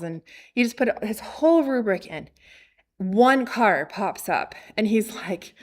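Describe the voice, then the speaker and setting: A woman in her thirties, a missionary telling a personal story at a ladies' ministry, animated and acting out quoted voices, with frequent fillers. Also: medium pitch, a little slow. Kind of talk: casual storytelling testimony.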